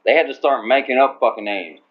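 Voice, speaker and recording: A man's voice: medium pitch, a little fast. A man co-hosting a talk radio show, rambling crudely with constant swearing. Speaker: co-host. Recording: dull lo-fi sound.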